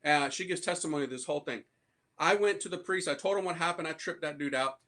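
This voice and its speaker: Bright, forceful American priest telling his story. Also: on the high side, fast. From United States. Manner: casual, slangy, animated storytelling. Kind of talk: conversion testimony talk to an audience.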